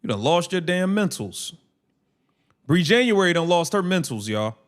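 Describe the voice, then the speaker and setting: Male streamer, slightly high voice, heated slangy play-by-play and rants. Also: sing-song, moderate pace. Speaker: live stream host. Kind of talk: casual live watch-along commentary.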